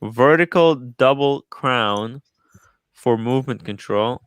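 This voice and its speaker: A male host chatting in a relaxed, musing way, with a smooth, resonant voice. He sits close to a studio microphone, and the sound is dry, with no room echo. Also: medium pitch, slow. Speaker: host of a watch talk show. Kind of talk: casual livestream chat.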